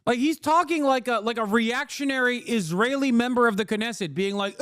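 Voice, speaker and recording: Exasperated streamer man, high voice, swearing rant, dry close mic. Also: moderate pace, few pauses, a bit bright, smooth, no echo. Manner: exasperated, profane ranting. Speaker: streamer host. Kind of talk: live stream reaction commentary.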